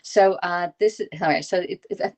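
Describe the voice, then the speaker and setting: A woman, chatting through a live cooking stream in her home kitchen. Her voice sits a little low for a woman. She greets viewers by name and tags her steps with "okay?" and "all right?", all picked up by her phone. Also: steady tone, moderate pace, darkish tone. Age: 50s. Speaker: live-stream host demonstrating recipes. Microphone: phone camera on a stand.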